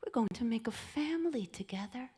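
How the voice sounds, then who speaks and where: A woman's voice: a little high, animated, brisk, mellow, husky, pitched above the performer's own voice. A woman voicing tender first man. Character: biblical first man, tender devoted husband.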